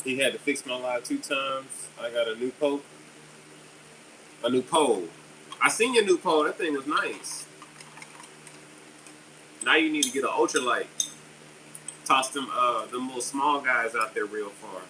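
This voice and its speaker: A man's voice: mid-range voice, unhurried, pauses often, recorded from a distance, low-quality recording. A middle-aged man hosting a casual live stream, chatty and upbeat as he answers viewers' comments. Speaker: livestream host selling fishing jigs. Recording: steady air conditioner hum behind.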